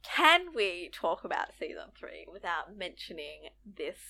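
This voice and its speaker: A woman's voice: fairly low pitch, very animated, unhurried, creaky, sharp tone. A woman co-hosting a podcast in casual chat, enthusiastic and chatty. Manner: enthusiastic, chatty, lots of fillers. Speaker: podcast co-host.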